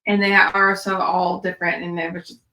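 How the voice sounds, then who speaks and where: A woman's voice: fairly low pitch, little pitch movement, fairly quick, bright, forceful tone, reverberant, rough recording. A woman co-hosting a podcast in casual chat, chatty and trailing off with lots of fillers. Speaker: podcast co-host.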